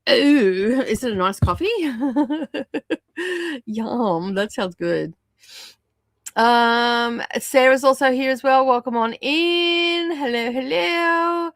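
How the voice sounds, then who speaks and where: A woman hosting a casual livestream, greeting viewers and chatting, her voice croaky from a sore throat. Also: high voice, expressive, extremely slow, a bit bright, dry recording, clean studio sound. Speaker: livestream host. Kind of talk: casual livestream chat reading out viewer comments.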